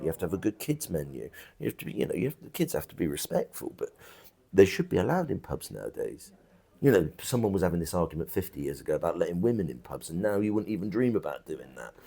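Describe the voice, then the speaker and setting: A man's voice: sits low, vocal fry, dark tone. A man who runs a pub, talking casually in an interview, blunt and chatty, with lots of restarts and asides. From England. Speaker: pub landlord. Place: country pub bar.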